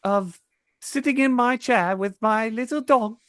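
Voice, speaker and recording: Guy doing a fussy old queen in a fake posh british accent, pitched way up. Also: unhurried, fairly bright tone. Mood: genteel. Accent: put-on posh British. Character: prim elderly British queen, genteel and fussy.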